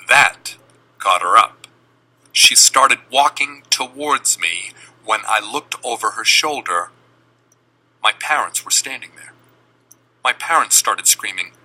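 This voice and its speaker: A middle-aged man from Boston telling a personal family story with deliberate, dramatic pauses. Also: medium pitch, lively intonation, pushed and bright, rough recording.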